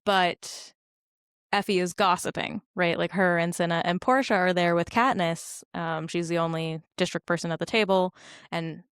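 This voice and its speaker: A woman's voice: fairly low pitch, moderate pace, clear, resonant tone, dry recording, clean studio sound. A woman co-hosting a casual podcast, talking through a film scene by scene with lots of laughter and acted-out quotes. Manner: animated, laughs often, acts out quotes. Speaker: podcast co-host.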